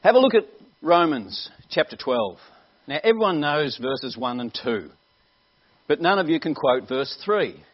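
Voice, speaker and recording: A man preaching a lively storytelling sermon to a congregation, joking and teasing his listeners as he goes. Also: fairly high pitch, a little slow. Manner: animated, joking, teasing the audience. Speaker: evangelist preacher. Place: church hall before a congregation. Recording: dull lo-fi live sermon recording.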